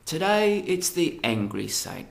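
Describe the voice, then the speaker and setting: A man's voice: a little high, very animated, takes it slowly, gravelly, faint music behind. A middle-aged Australian man ranting angrily into the camera in a video blog, swearing and furious. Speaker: vlogger. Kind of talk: angry video rant.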